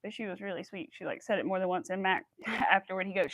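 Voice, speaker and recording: A woman's voice: medium pitch, lively intonation, moderate pace, no echo, low-quality recording. Brief: bubbly chatty woman, mid-range voice, dry close mic, crochet stream host. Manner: chatty, bubbly, rambling with many likes and ums. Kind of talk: casual chat while crocheting.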